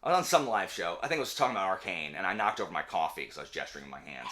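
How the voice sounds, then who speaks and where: Young male host, casual and animated, bright voice, prone to rants. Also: low-pitched. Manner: animated, ranting, quick asides. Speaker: channel host; teacher. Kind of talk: casual chat.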